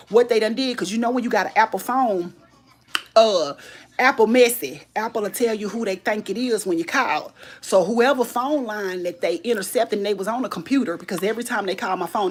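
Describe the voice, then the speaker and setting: Husky animated woman ranting. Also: fairly high pitch. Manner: animated, loud, laughing, retelling an argument. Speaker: livestream host. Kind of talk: casual storytelling rant.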